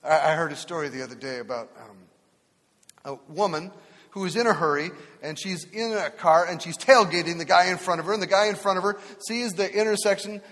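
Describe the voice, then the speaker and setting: A man's voice: sits high, fairly quick, fairly bright tone. A man preaching a sermon as pastor, telling humorous stories and acting out voices in them. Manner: storytelling, acts out voices in anecdotes. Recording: long hall reverb.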